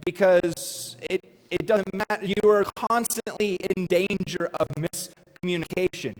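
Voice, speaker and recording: A man's voice: high-pitched, fairly even intonation, a little slow. A man in his thirties giving a conversational sermon, stressing words for emphasis. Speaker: preacher. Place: church sanctuary. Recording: long reverb of a church hall.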